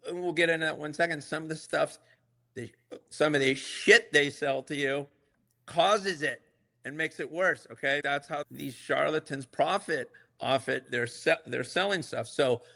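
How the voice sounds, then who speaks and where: A man's voice: on the high side, creaky, sharp tone. A middle-aged man, a doctor co-hosting a podcast, talking bluntly and emphatically, often checking in with "okay?". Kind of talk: casual podcast chat.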